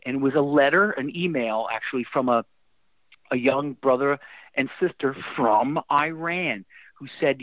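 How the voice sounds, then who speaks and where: A middle-aged man, a guest musician telling stories in a casual interview, animated and emotional, often restarting his sentences. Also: mid-range voice, normal speed, dry recording. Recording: dry tinny phone-like line.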